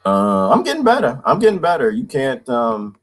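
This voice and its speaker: Man, twenties, casual livestream rant, slangy, laughs a lot, very lively pitch. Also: moderate pace. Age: 20s. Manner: animated, laughing often, slangy. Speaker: vlogger.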